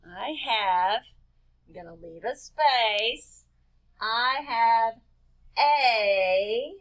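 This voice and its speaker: High-voiced, slow, patient teacher woman. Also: expressive, a bit bright. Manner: patient, spells words out letter by letter; asks children questions and answers them herself. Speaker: kindergarten-level teacher. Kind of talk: recorded writing lesson for young children.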